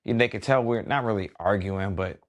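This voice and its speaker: A middle-aged man, a wedding DJ hosting a podcast, telling a story in a relaxed conversational way with lots of asides. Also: lowish voice, a little fast. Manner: relaxed and conversational, many "you know" asides.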